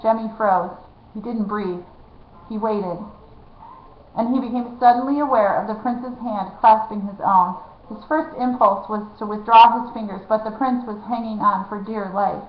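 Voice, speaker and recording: Woman narrator, lively storybook reading, lo-fi dull recording. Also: medium pitch, moderate pace. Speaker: reader. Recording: echoey, dull lo-fi room.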